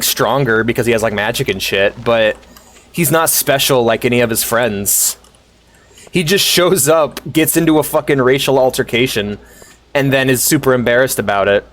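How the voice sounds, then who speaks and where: Rambling, swearing male streamer. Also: mid-range voice. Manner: rambling, swears freely, laughs often. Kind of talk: casual stream chat.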